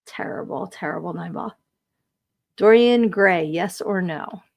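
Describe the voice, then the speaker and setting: A woman's voice: lowish voice, measured pace, gravelly, darkish tone. A woman hosting a live podcast stream, chatting casually, reading viewer comments aloud and laughing often. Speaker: podcast host.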